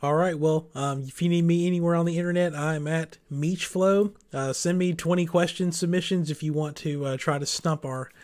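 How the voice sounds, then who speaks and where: A man's voice: on the high side, steady tone, normal speed, hardly any pauses, darkish tone. A man hosting a casual gaming podcast, chatting loosely and winding down the show. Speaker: podcast host. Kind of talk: casual chat.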